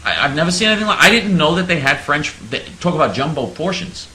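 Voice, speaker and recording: A man's voice: fairly high pitch, sing-song, fast, bright, forceful tone, echoey room, slight background noise, low-quality recording. A man hosting a talk radio show, telling stories in a mock-naive, sarcastic way. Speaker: radio host.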